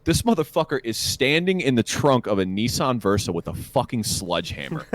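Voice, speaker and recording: A man's voice: medium pitch, moderate pace. A man co-hosting a podcast, telling a work story in a casual chat with lots of swearing. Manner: profane, animated storytelling. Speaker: podcast co-host.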